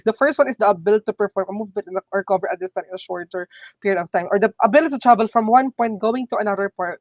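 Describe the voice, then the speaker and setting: A woman teacher with a Filipino accent giving a quick online review lecture, often checking in with "okay?" and slipping into Tagalog phrases. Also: mid-range voice, dry recording, rough recording. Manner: brisk, repeats "okay?" and "my dear students"; mixes English with Tagalog phrases.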